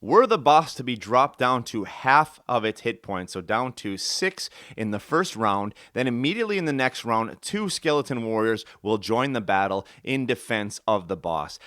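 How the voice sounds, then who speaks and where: Male host, upbeat rules explainer and narrator, lively pitch, dry close sound. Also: normal speed, few pauses, no echo. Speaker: host and solo game runner.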